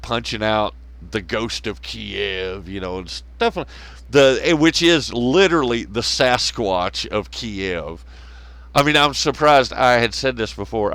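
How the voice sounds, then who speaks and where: A man's voice: fairly low pitch, a bit bright, no echo. A man hosting a podcast, ranting casually and sarcastically, swearing constantly and laughing at his own jokes. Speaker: podcast host. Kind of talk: profane casual rant.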